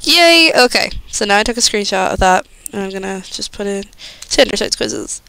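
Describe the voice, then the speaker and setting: A woman's voice: medium pitch, fairly even intonation, brisk, creaky, fairly bright tone, smooth. A young woman chatting casually on a live stream, bubbly and gushing, often squealing with delight.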